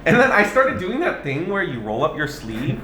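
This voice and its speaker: Eating on camera for a home cooking video, this co-host is a chatty storyteller who voices his inner thoughts aloud. His voice is fairly high and sharp, very animated, at a moderate pace. There's roomy echo and a bit of faint background noise.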